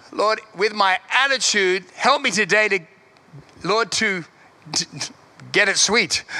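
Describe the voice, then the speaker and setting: Bright high-voiced male preacher. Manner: lively, repeats key lines, chuckles between points. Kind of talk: sermon.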